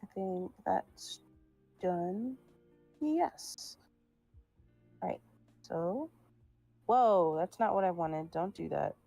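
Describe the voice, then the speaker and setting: A woman's voice: fairly low pitch, very slow, gravelly, pauses often, warm tone, soft background music. A young woman chatting casually while drawing on a stream, laughing and swearing now and then. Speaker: streamer making art.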